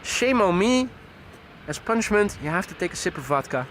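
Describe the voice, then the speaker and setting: A fairly high-pitched man calls out departing flights on a live plane-spotting stream. He mixes registration details with dry little jokes. He is outdoors by the runway, with a faint hum of outdoor ambience behind him. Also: very animated, moderate pace. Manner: wry, joking asides between flight details. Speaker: plane-spotting livestream host. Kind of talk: live aviation commentary.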